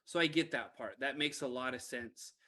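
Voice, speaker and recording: A man co-hosting a video game podcast, talking casually, teasing his friend and reasoning through points out loud. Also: medium pitch, moderate pace. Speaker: podcast co-host. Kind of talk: casual chat about video games.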